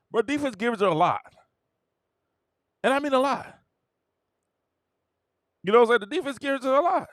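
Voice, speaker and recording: A man hosting a sports talk show, chatting casually, laughing often and breaking into high, mocking quotes. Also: animated, normal speed, long pauses, a bit bright, no room sound, studio quality. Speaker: podcast host. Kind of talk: casual sports commentary monologue.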